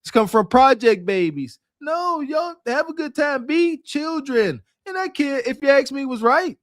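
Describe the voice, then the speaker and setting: High-voiced male co-host, reflective. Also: expressive, moderate pace, few pauses, fairly bright tone, no room sound, clean studio sound. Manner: agreeing, reflective. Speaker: podcast co-host. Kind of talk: reaction commentary and storytelling.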